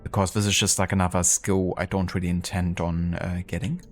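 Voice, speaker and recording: Deep-voiced male gaming streamer. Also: a little fast, faint music behind. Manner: relaxed, thanks viewers with many fillers. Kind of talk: casual live-stream chat while gaming.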